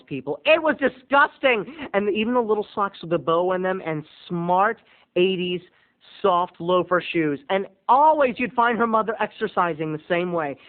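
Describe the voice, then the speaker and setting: A man hosting a video blog, telling a comic story with theatrical swings between booming and hushed. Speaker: vlog host. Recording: tinny phone-like audio.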